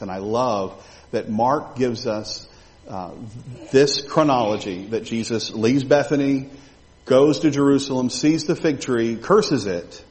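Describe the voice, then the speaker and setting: Man preaching in a reverberant hall. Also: mid-range voice. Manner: animated, rhetorical questions to the congregation. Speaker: pastor. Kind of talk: sermon. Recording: long reverb of a large hall.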